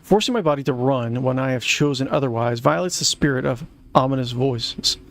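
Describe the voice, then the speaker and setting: A man's voice: mid-range voice, a little fast, vocal fry, close to an everyday voice. A man reading a haughty young noble villainess aloud in a game, in a dry, sardonic way. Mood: indignant.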